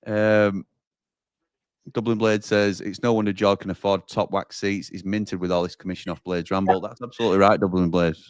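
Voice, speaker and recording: A young man hosts a live football watchalong, bantering and reading viewer comments aloud. His voice sits low and the sound is dry and close. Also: level tone, fairly quick, no echo. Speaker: watchalong host.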